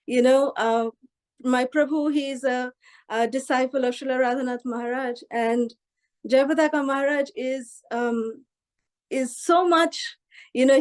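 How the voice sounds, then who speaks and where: A woman recounting a personal memory in a casual, halting way with many fillers. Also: high voice, a little mellow. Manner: halting, full of fillers like "you know" and "uh". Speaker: devotee sharing a personal memory. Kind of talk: casual spoken remembrance.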